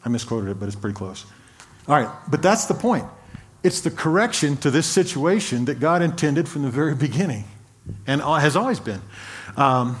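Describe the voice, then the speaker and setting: Reading scripture with slow, deliberate emphasis, this pastor otherwise speaks conversationally, frequently restarting and repeating words. His sermon is carried by a fairly high, sing-song male voice.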